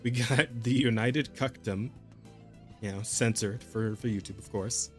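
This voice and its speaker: A man's voice: on the low side, steady tone, a little slow, soft background music. A man hosting a podcast in casual chat, laid-back, laughing often and repeating words. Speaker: podcast host.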